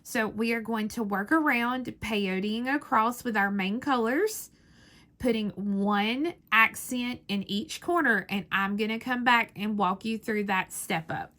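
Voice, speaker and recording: A woman's voice: a little high, a little slow, pushed and bright. A woman giving a patient, methodical step-by-step beading tutorial, counting beads aloud as she works. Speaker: beading instructor.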